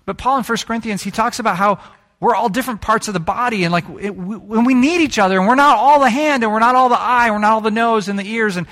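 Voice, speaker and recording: Bright-voiced animated male pastor. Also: sits high, fast talker. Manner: animated storytelling, jokes with the congregation. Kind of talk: sermon.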